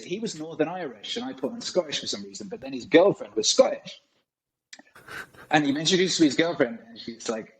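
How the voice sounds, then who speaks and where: His voice is on the high side with lively intonation, his pace brisk, and the recording rough. He's a guest musician in his forties on a podcast, casually telling long, rambling stories and cursing frequently.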